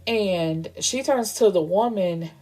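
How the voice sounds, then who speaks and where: A woman's voice: medium pitch, slow pace, warm tone. A woman hosting a book show, recapping a novel's plot in a casual, frank and slangy way. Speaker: book reviewer host.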